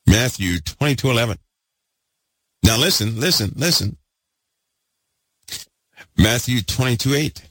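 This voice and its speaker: A man preaching a fervent sermon, repeating himself and swinging between loud bursts and hushed asides. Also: medium pitch, animated, unhurried, long pauses, husky, no echo.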